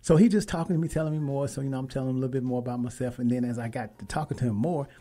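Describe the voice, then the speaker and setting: A man hosting a radio talk show, telling a story with lively, emphatic quoted dialogue. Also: mid-range voice, very fast. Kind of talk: casual storytelling and interview.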